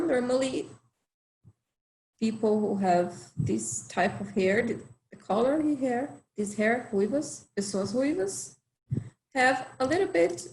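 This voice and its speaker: Slow, patient woman language teacher. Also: a little high, a little mellow, echoey room, a little hiss or hum, rough recording. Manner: slow, repeats phrases for learners. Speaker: Portuguese teacher.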